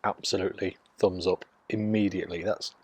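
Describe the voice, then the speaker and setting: A man, from Nottingham, casually reviewing a beer in hushed, half-whispered tones, recorded on a phone mic out in his garden. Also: deep voice, fairly even intonation, fairly quick, breathy edge, no echo. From Nottingham, England. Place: outdoors in a home garden.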